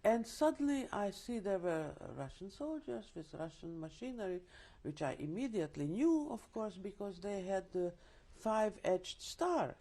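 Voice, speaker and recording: Older woman, interview testimony, lively storytelling, dark mellow timbre. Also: medium pitch, measured pace. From Czechoslovakia. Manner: vivid storytelling with restarts and asides. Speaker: interviewee, Holocaust survivor. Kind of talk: oral history testimony.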